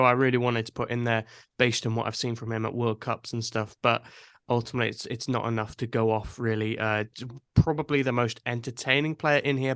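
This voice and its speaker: A man's voice: mid-range voice, fairly bright tone, no echo, clean studio sound. A man hosting a casual football podcast, talking easygoing and thinking aloud as he goes. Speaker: podcast host.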